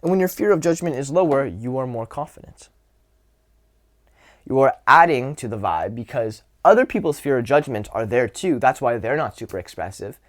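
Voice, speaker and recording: A man explains social skills in a casual teaching talk, calm and grounded. He leans on slow, deliberate words for emphasis. His pitch sits in an ordinary middle range. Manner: demonstrative, swings from whisper to loud to show vocal dynamics; relaxed, grounded, drawn-out delivery with sighs.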